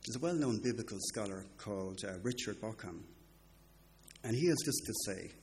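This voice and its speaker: Low-voiced man preaching earnestly. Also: expressive, moderate pace, a little mellow, slight background noise. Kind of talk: sermon with book recommendations.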